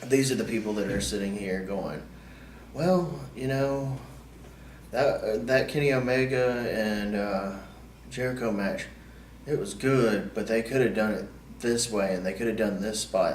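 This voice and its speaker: A man guest on a wrestling podcast, telling stories in a casual, animated way that turns loud when he gets worked up. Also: lowish voice, moderate pace, slight background noise. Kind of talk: casual storytelling chat. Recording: roomy echo, distant mic, faint ambience.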